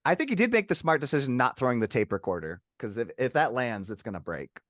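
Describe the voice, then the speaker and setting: A young man co-hosting a casual movie podcast, talking in a lively, self-deprecating way. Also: mid-range voice, fast talker, no room sound, clean studio sound. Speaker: podcast co-host. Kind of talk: casual movie review chat.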